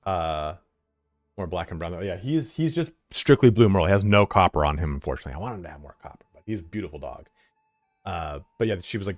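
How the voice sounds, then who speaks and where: A man with a fairly low voice chats casually through a live game stream, swearing freely and stopping to give his dog commands. His voice sounds dry and close, with no room echo. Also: expressive, quick pace. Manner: laid-back, swears freely, talks to his dog between game commentary. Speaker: streamer playing a strategy game.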